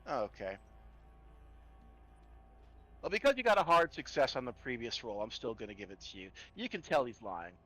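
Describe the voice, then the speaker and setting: A man's voice: mid-range voice, big pitch swings, normal speed, long pauses, bright, forceful tone, faint music behind, rough recording. A man running a tabletop horror game as game master, often stalling on fillers and restarting sentences. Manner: hesitant, many fillers and restarts.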